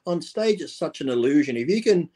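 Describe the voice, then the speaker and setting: A man's voice: a little high, expressive, brisk, dark tone. A male interview guest in casual conversation, telling blunt anecdotes full of quoted dialogue and the odd swear word.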